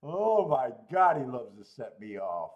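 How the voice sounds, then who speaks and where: Animated, stammering man ranting on a livestream. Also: mid-range voice, a little slow, dull audio. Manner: animated, laughing, stammering rants. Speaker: host of a horse racing betting livestream. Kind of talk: casual livestream chat.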